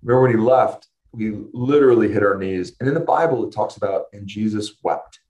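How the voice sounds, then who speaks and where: Middle-aged guy telling his story, kinda low voice, earnest, stops and restarts a lot. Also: fairly quick, darkish tone, low-quality recording. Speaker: interview guest. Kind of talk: personal testimony in conversation.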